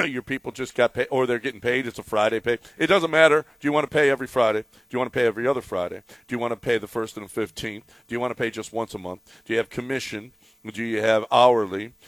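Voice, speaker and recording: A man hosting a sports radio show, chatting in an animated, excitable way and reading ads live. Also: mid-range voice, fast, dry recording. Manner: animated, excitable, repeats words when riled up. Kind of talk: casual sports talk and live ad read.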